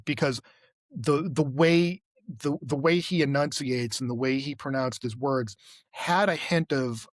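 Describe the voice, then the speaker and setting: Male podcast co-host, casual and rambling, mid-pitched voice, dry studio sound. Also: dry recording. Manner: rambling, lots of fillers and restarts. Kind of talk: casual chat.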